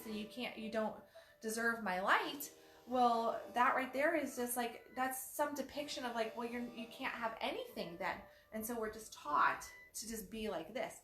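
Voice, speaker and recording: A woman hosting a casual talk on self-development, animated and often acting out quoted phrases in different voices. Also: on the high side. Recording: echoey room.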